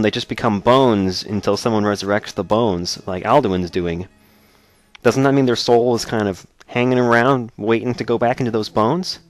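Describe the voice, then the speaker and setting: A man hosting a let's play, giving jokey, sarcastic commentary while he plays. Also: mid-range voice. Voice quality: jokey, sarcastic, laughs often. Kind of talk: joking gameplay commentary.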